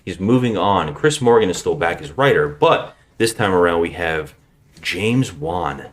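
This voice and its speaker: A man's voice: low voice, animated, a little slow. A man hosting a podcast, chatting casually with profane, joking banter. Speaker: podcast host.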